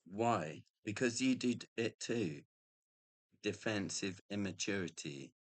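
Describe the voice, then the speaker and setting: Middle-aged guy ranting, swears a lot, keeps saying mate, low slow voice. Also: expressive, no echo. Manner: profane, rambling, repeatedly says mate. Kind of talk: ranting monologue.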